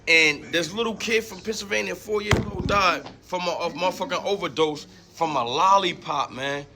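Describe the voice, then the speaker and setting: A man's voice: high-pitched, normal speed, slight background noise. A man co-hosting a podcast, telling a story casually with lots of swearing and acting out the people he quotes. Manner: animated, acts out quoted people. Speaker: podcast co-host.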